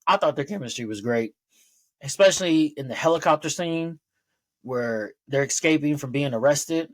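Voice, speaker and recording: A man's voice: on the high side, lively intonation, normal speed, no room sound. Chatty man with a dry sound. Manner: rambling, loose and laughing, heavy on fillers and swearing. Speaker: movie reviewer. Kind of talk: casual spoken movie review.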